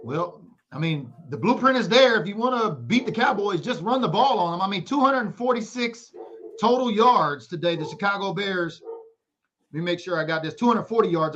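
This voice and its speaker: High-voiced hyped sports podcaster man. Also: expressive, moderate pace, a bit bright, a little hiss or hum. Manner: hyped, playful trash talk. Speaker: podcast co-host. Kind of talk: casual sports talk. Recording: dull lo-fi audio.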